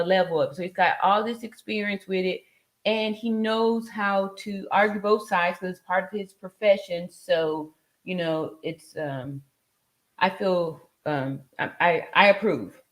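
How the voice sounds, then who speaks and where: A woman in her forties hosting a casual livestream, chatting loosely with many fillers and frequent laughs. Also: medium pitch. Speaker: livestream host. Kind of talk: casual livestream chat reading viewer comments.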